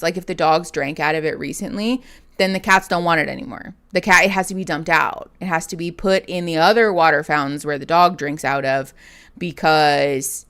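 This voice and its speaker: A woman in her thirties hosting a casual livestream as a therapist, chatting and rambling with frequent laughs. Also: fairly bright tone. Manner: chatty and rambling, laughs often, coos at her cat in a high baby voice.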